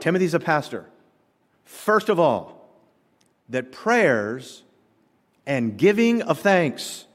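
A man preaching a sermon as pastor, emphatic and full of rhetorical questions. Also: fairly high pitch. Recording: long hall reverb.

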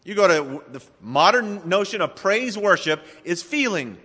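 A man preaching a sermon as pastor, folksy and emphatic, speeding up and slowing down for effect. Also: sits high, expressive, pushed and bright, long reverb tail.

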